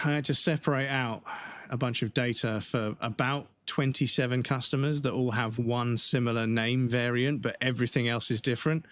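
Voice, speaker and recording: A man's voice: mid-range voice, no echo. A man chatting casually while streaming a game, rambling and swearing freely.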